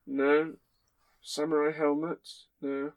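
Male podcast host, gravelly texture, meandering and wry. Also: fairly high pitch, level tone, slow, lo-fi sound. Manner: rambling, fond storytelling with playful asides. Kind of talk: casual chat.

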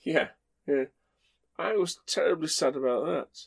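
Male podcast host, gravelly texture, meandering and wry. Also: on the high side, unhurried. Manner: rambling, fond storytelling with playful asides. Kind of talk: casual chat.

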